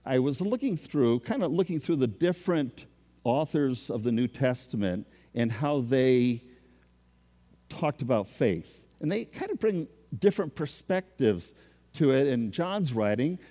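A male pastor delivers a sermon in a slow, mellow voice, his pitch rising and falling with lively expression. He talks conversationally and pokes fun at himself. His words ring out with the long reverb of a large hall. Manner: conversational, self-deprecating preaching.

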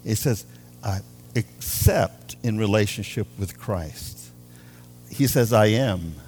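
A man preaching a sermon as a pastor, with animated delivery, drawing out key words for emphasis. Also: on the low side, slow, soft background music.

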